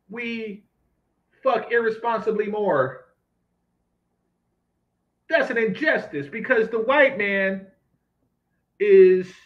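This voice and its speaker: A man's voice: high-pitched, fairly bright tone, highs cut off. A man ranting in sarcastic, profane commentary as he reacts to news clips. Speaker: commentary host.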